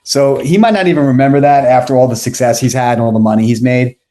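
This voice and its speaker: Fast-talking and mid-range in voice, a man in his forties tells a rambling anecdote as a podcast guest. The storytelling is casual and animated, and he keeps correcting himself.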